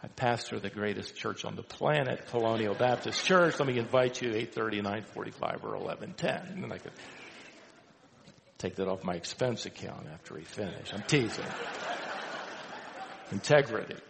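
A man's voice: lowish voice, normal speed, vocal fry, a bit bright, in a large hall, slight background noise, low-quality recording. A man pastor preaching a sermon, driving his points home with emphatic repetition and light asides. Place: church sanctuary.

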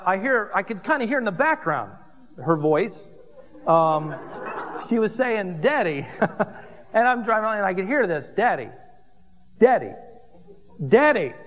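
A man with a high voice delivers a sermon from a church, mixing scripture reading with humorous stories. The recording is dull and muffled, and the long reverb of a large hall trails after his words. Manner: animated storytelling with asides and humor. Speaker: pastor.

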